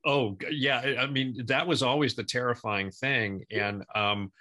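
A middle-aged man, a former child actor, co-hosting an interview in enthusiastic, halting casual chat. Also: medium pitch, bright, forceful tone.

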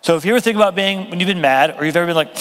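A young man preaching a sermon in a casual, joking, conversational way. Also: sits high. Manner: conversational, self-deprecating humor, lively. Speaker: pastor. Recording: long reverb of a hall.

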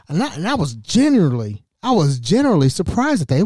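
A man in his forties hosts a podcast and tells a story in a lively, swooping voice. He stammers and repeats words as he goes, with a mellow, dark tone. The sound is dry and close. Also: on the high side, fairly quick, few pauses, slightly rough, no room sound. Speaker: podcast host. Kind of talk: storytelling monologue.

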